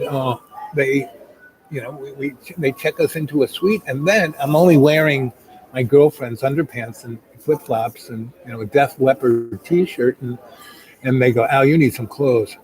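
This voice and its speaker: Man, mid-pitched voice, rambling personal story, chatty, full of fillers, live chat host. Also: unhurried, darkish tone, poor audio. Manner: loose, filler-heavy and chatty.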